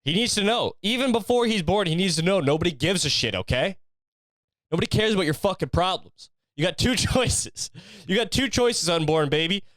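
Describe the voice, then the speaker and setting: Brief: man playing a hard-driving, barking motivational coach, pitched up and loud, clean dry sound. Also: animated, a little fast, no echo. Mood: fired up. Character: shouting male motivational drill coach, relentless.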